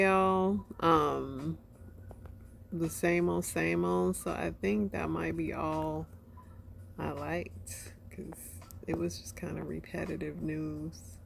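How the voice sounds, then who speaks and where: A woman's voice: fairly low pitch, gravelly, background noise. A woman hosting a casual podcast, reading news headlines and giving offhand comments. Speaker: host. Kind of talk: casual news chat and reactions.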